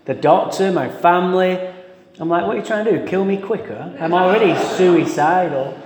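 A man's voice: fairly high pitch, a little mellow. A middle-aged man from England with an English accent, giving a humorous, profane, self-mocking talk to a meeting audience. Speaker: speaker at a recovery meeting. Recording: echoey hall with long reverb.

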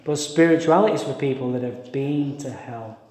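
A man giving an animated, self-mocking, swearing storytelling talk to a live audience at a recovery meeting, recorded in a large hall. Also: medium pitch, a little fast, very noisy. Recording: echoey hall sound.

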